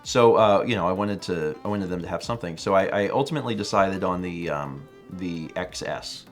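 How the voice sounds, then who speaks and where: A man co-hosting a live stream, chatting casually and reading out viewer messages in an animated, playful way. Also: sits low, brisk, soft background music. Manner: animated, playful, puts on silly voices when quoting. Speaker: co-host of a live stream show.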